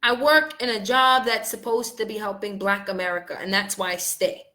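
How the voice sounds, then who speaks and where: A woman vlogger talking straight to her viewers in a heated, venting monologue, upset and angry, her voice swinging from loud outbursts to quiet, low lines. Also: steady tone, moderate pace. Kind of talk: casual monologue to camera.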